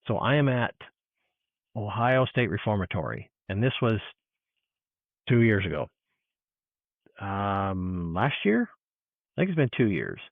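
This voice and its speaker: A man telling a personal encounter story in casual chat, animated and full of restarts, acting out what people said. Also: on the low side, measured pace, vocal fry, pauses often, no room sound. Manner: animated storyteller, restarts, acts out quoted dialogue. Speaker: guest. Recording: tinny phone-like line.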